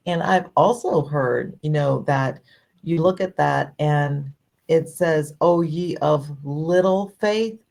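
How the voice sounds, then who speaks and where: A woman with a very deep, gravelly voice muses thoughtfully in a casual faith podcast chat. She talks loosely, with many fillers. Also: slow, darkish tone. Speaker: podcast co-host.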